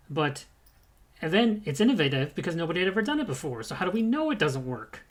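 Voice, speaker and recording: A man's voice: high voice, expressive, fast talker, a bit bright. A man co-hosting a casual gaming podcast, giving blunt, profane opinions with bursts of energy. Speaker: podcast co-host.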